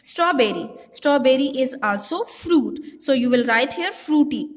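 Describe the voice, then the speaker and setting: A woman's voice: high voice, animated. Woman primary teacher, patient and explanatory, recorded with a long reverb tail. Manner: slow, explanatory, mixes Hindi into English. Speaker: primary school English teacher. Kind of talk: recorded online class lesson.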